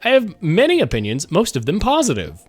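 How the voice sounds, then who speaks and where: A man's voice: high voice, huge pitch swings, fairly quick, a little mellow, husky, no room sound, soft background music. A worn-out man live-streaming a game, rambling casually to chat and swearing often. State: exhausted.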